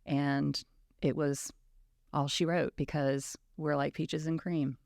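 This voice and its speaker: A woman, a family law attorney co-hosting a podcast, speaking in a warm, earnest way. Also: deep voice, flat delivery, slow, gravelly, no room sound, clean studio sound. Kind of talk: casual conversational chat.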